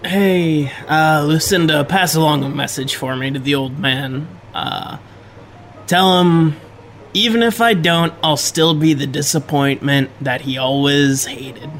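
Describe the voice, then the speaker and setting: A man's voice: a little high, unhurried, fairly bright tone, a little hiss or hum. A man playing a tabletop role-playing game, joking and casual. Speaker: player.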